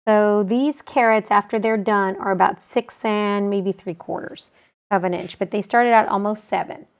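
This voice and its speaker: A woman at a middle pitch, teaching a quilting technique. She talks in a calm, practical way, describing each step as she works with her hands. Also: moderate pace, clean tone. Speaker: quilting instructor. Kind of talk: step-by-step sewing tutorial.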